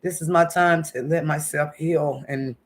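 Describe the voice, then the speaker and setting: A woman's voice: sits low, steady tone, a little slow. A woman in her fifties hosting a casual home livestream, chatty and emotional, calling her viewers honey and baby. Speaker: livestream host. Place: at home indoors.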